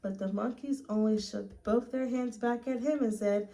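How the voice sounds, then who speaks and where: A woman reading a picture book aloud to children at story time, gently asking them questions along the way. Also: on the high side, moderate pace, hardly any pauses, poor audio. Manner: gentle, asks listeners questions.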